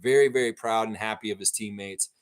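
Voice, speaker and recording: A man's voice: fairly low pitch, fairly quick, clean tone. Opinionated man reacting live to a game. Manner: opinionated, excitable, rooting aloud for his team. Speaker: livestream watchalong host.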